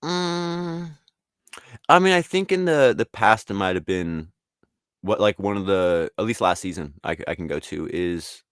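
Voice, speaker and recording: A man's voice: on the low side, a little slow, smooth, dry recording, clean studio sound. A man guesting on an interview podcast, talking casually and rambling, acting out quotes from other people. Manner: rambling, animated, acts out quotes in voices. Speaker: guest artist and league founder.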